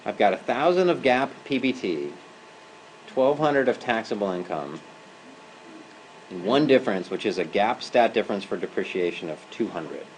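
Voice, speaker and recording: A man's voice: fairly low pitch, lively intonation, normal speed, slight background noise, poor audio. A man giving a university lecture in a classroom as an adjunct professor. He talks conversationally and keeps checking in with "right?" and "okay?".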